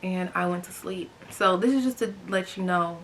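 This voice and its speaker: A woman's voice: on the low side, normal speed, a bit bright, slight background noise. A young woman in her twenties chatting to camera, telling a story with lots of "like" fillers and asides to her viewers. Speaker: storytime vlogger.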